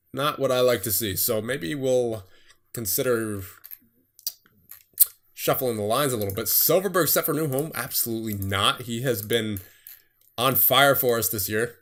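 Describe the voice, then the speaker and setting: A young man casually commentating his own hockey management game, rattling off results in quick bursts with a mid-range voice. His voice sounds a little worn, and keyboard typing clicks away behind him. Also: medium pitch, fairly bright tone. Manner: rattles off scores in quick bursts, then laughs at himself. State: voice getting tired. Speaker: gaming streamer.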